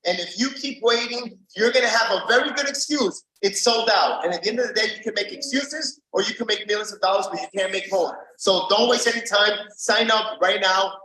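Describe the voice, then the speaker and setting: High, bright man with a hyped pitch. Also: fairly quick, hardly any pauses, a little hiss or hum. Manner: pushy, hyped. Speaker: event promoter. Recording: roomy echo.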